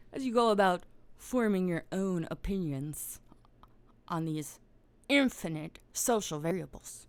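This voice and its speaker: A woman's voice: on the low side, normal speed, no room sound. A woman hosting a podcast, giving a casual, blunt monologue full of swearing. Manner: blunt and profane, grows loud and heated. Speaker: podcast host.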